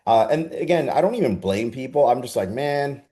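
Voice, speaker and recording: A man coaching a group live on a video call, energetic and persuasive, often asking his audience rhetorical questions. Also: mid-range voice, brisk. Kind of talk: live online coaching session.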